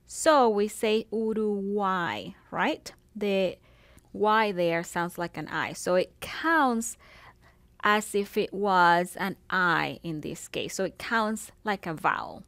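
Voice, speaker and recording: A woman teaching a recorded Spanish lesson, pronouncing words slowly and patiently and walking through them syllable by syllable. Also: mid-range voice, expressive, a bit bright, dry recording. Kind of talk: recorded classroom video lesson.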